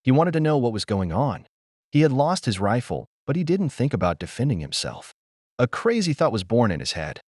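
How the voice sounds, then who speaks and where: Grave, lively-voiced male narrator. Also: mid-range voice, a little fast, dry recording, clean studio sound. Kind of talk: scripted first-person war memoir narration.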